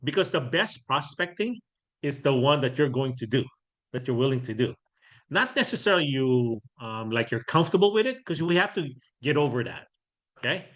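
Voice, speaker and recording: Bright-voiced man teaching a workshop. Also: medium pitch, animated, normal speed. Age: middle-aged. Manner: conversational, keeps checking in with "right?"; acts out sample doorstep lines. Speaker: real estate trainer.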